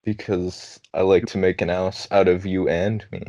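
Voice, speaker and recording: A man's voice: deep voice, level tone, moderate pace, darkish tone, no room sound. A young man co-hosting a casual podcast, joking crudely and laughing often. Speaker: podcast co-host. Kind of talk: casual chat.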